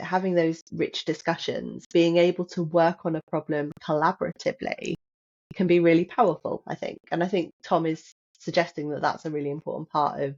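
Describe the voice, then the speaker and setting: A woman's voice: low-pitched, gravelly. Enthusiastic woman on dull lo-fi audio. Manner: enthusiastic, reflective. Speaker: maths educator, podcast co-host. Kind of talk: casual discussion. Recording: dull lo-fi sound.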